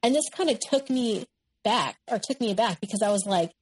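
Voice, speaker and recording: A woman's voice: on the high side, lively intonation, brisk, slightly rough, low-quality recording. A nineteen-year-old woman, a guest in an interview, recounting a personal story in a candid, matter-of-fact way.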